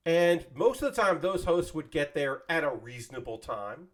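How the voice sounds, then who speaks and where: Male streamer, casual swearing chatter, voice sits a bit high, thanks chat as he builds. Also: lively intonation, normal speed. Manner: rambling and conversational, swears casually; thanks viewers and subscribers by name. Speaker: streamer building LEGO sets live.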